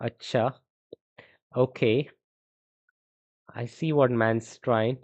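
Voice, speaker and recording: A man's voice: medium pitch, steady tone, drawn-out words. A young man with an Indian accent, streaming chess and thinking aloud through variations while he answers chat in a casual way. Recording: dull, muffled stream audio.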